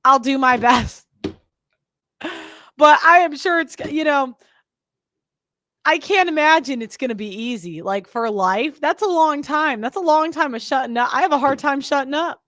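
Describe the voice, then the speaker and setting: Young woman host, high voice, close dry mic, blunt and rambling with fillers. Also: moderate pace, a bit bright, no echo. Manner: chatty, rambling, blunt, many fillers and restarts. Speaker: podcast host. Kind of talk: casual opinionated monologue.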